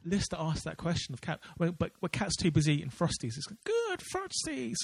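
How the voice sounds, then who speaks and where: A man's voice: on the high side, fast talker, creaky, breathy edge, dry recording. A man co-hosting a podcast in casual chat, rambling with many fillers and restarts. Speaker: podcast co-host.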